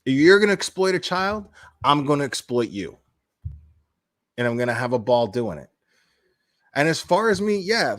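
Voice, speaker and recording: A man's voice: fairly high pitch, fairly bright tone. A man, a crime-commentary vlogger, ranting casually, bluntly and profanely with laughing asides. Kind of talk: casual vlog rant.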